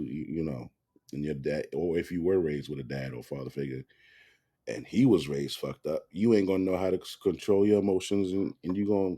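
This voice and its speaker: Deep husky-voiced man ranting. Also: warm tone. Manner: blunt, profane and rambling, with restarts. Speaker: commentator. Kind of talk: casual commentary to camera.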